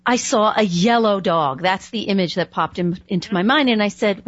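A woman hosting a conversational interview, an animated storyteller who laughs often. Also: mid-range voice, a little fast, few pauses, muffled recording. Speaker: host.

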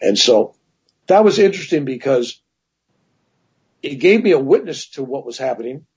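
A man's voice: mid-range voice, normal speed, breathy edge, lo-fi sound. A man telling long personal stories as a guest in a casual interview, with many asides. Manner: rambling, animated anecdotes with many "right?" asides.

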